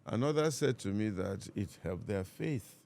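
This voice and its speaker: A Nigerian pastor, a man, calmly telling a personal story in conversation and acting out what each person said. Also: lowish voice, gravelly, slight background noise. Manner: calm, measured, reenacts dialogue.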